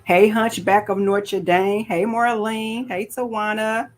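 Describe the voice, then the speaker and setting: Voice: medium pitch, little pitch movement, takes it slowly, poor audio. A livestream host giving casual commentary, ranting with profanity and repeated rhetorical questions, and greeting viewers by name between points.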